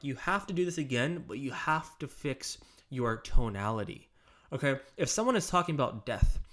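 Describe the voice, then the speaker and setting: Emphatic male sales coach. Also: a little high. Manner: emphatic, direct, motivational. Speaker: sales trainer and channel host. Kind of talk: coaching monologue to camera.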